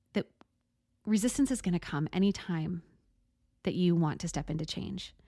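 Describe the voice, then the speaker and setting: A woman hosting a solo podcast, talking in a gentle, thoughtful, reflective way and slowing down to stress words. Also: fairly low pitch, no room sound, studio quality. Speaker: podcast host.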